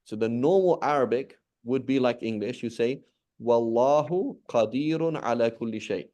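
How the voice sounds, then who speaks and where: A man's voice: medium pitch, moderate pace, dark tone. A man teaching an Arabic language class, patiently asking questions and repeating key points. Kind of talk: live online class teaching.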